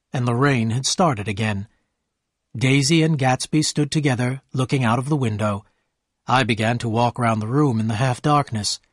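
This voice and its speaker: A man narrates a graded storybook for English learners, reading slowly and clearly. His voice has a slight husky edge and sits at an ordinary pitch. The sound is close and dry with no room echo. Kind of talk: scripted narration.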